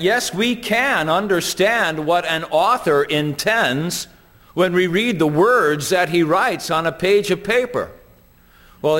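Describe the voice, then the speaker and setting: Preacher in a reverberant church. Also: male voice, fairly high pitch, fairly bright tone. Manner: earnest, storytelling preacher with quoted voices. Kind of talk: sermon. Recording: long hall reverb.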